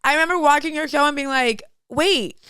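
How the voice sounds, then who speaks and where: Young woman hosting a podcast, kinda high voice, dry close sound, trails off a lot. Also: brisk, bright, forceful tone, no echo. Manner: agreeable, trails off mid-sentence. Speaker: podcast host, comedian. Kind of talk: casual podcast chat.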